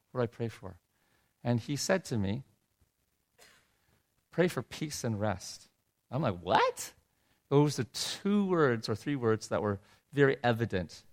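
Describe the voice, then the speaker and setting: A middle-aged man telling a heartfelt personal story in a sermon, his voice dropping low and soft when he is moved. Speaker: preacher. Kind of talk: sermon testimony.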